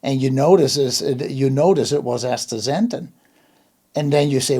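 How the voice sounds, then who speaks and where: A man's voice: medium pitch, normal speed, dark tone. A man hosting an interview in casual chat, emphatic and often restarting his words. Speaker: host.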